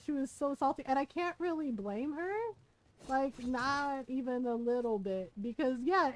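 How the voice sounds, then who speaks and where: A high-pitched woman talking casually to her viewers while she plays. She rambles animatedly, drops plenty of swear words, and slips into little voices to act out what her friends said. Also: rough recording. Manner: animated, chatty, swears freely, acts out quoted friends. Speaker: game streamer. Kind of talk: casual chat while streaming a game.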